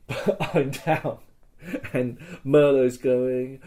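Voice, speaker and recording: A man's voice: medium pitch, slow pace, a little mellow. A man co-hosting a podcast, telling a battle story in casual chat, acting out the quotes and swearing freely. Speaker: podcast co-host.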